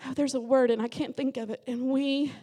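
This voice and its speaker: Impassioned high-voiced woman preaching. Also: fairly even intonation, brisk. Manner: impassioned, rising to shouts. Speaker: guest preacher. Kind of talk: Pentecostal sermon. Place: church sanctuary.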